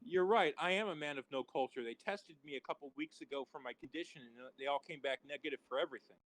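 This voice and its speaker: A man's voice: fairly high pitch, fast talker, a bit bright. A man playing the party host in an improv game, throwing out incredulous guesses about his guests. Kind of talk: improv comedy.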